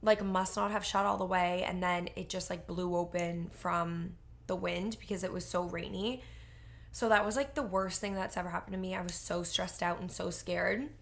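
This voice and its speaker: With a fairly low pitch, vocal fry, and normal speed, this young woman co-hosts a podcast. She's an animated storyteller in casual chat who uses "like" a lot.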